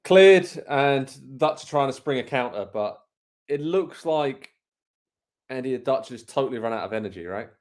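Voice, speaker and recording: His mid-range voice is expressive with a darkish tone, delivered at a moderate pace. The English co-host of a live watchalong show chats casually, narrating the match action and reading comments from viewers.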